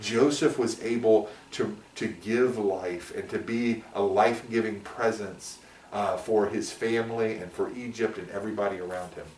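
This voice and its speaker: A man's voice: lowish voice, steady tone, moderate pace, a little mellow, slight background noise. Earnest male pastor, sermon-style chat, recorded at a distance in an echoey room. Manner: earnest, preacherly, sings snippets of a song. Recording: roomy sound from a distance.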